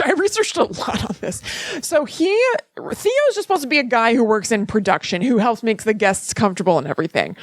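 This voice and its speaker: A podcast co-host with a voice a touch high chats casually, recorded close and dry with no echo. She's giggly and rambling, laughing often and slipping into little acted-out quotes as she tells her story.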